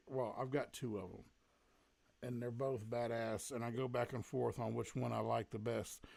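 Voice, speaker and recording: A man's voice: medium pitch, gravelly, dry recording. A man hosting a live online show, chatting casually while sorting out audio trouble. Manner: chatty, fumbling with audio setup. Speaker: livestream host.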